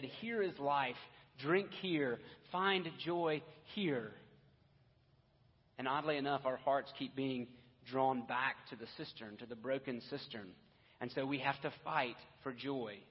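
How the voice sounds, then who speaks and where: A man's voice: mid-range voice, slightly rough. Man preaching in an echoey hall. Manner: earnest preaching, asides and restarts. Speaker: pastor. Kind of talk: sermon. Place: church sanctuary. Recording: dull, echoey church hall audio.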